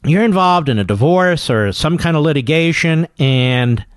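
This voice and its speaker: A man hosting a talk radio show, delivering an emphatic, combative monologue and slowing down to hammer his points home. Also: fairly high pitch, animated, clear, resonant tone, no echo, studio quality.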